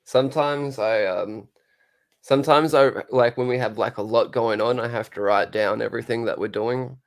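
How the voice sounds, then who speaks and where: A man in a casual interview, talking in a dry, low-key, near-monotone way. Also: moderate pace, vocal fry. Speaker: guest, show co-host and musician.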